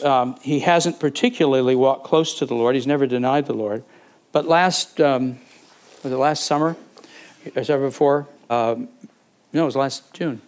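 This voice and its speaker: An older man preaching, telling a personal story conversationally, with frequent restarts and acted-out moments. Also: mid-range voice. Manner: conversational, with repeated words and fillers; animated, acting out the people in his stories. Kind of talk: sermon storytelling.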